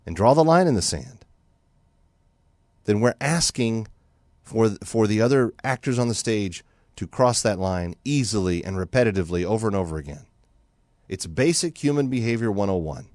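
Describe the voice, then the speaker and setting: A man's voice: on the low side, moderate pace, no room sound, studio quality. An American man hosting a talk radio show, speaking animatedly and sometimes mocking in a monologue. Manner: animated, mocking, acts out other voices. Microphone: studio microphone.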